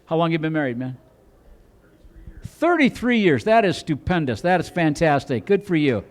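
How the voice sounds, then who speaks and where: A man doing a stand-up comedy set in a club, telling rambling stories and chatting with the audience, now and then jumping into loud put-on voices. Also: a little high, sing-song, brisk.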